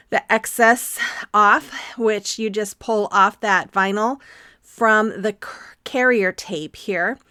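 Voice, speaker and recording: A woman's voice: mid-range voice, fairly bright tone, dry recording, clean studio sound. A woman hosting a craft tutorial, talking casually with frequent ums as she explains each step. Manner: chatty, friendly, frequent ums. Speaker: craft channel host.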